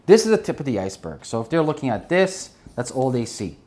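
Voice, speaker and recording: A man giving an energetic business lesson while drawing on a board, often checking in with his listeners. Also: mid-range voice, quick pace. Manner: energetic, keeps checking in with "right?" and "okay?". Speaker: business instructor.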